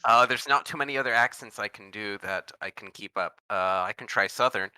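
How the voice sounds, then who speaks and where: A man's voice: fairly low pitch, fairly quick, pushed and bright, clean tone, no echo. A man chatting casually as a tabletop game player, telling a story with lots of fillers and restarts. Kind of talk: casual chat.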